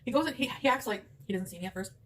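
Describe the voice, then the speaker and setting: This woman's mid-range voice is a bit bright, with lively intonation, and she speaks rapid-fire. Eating a big meal at home for a mukbang, she rambles chattily and laughs a lot. The recording has a distant mic and background noise.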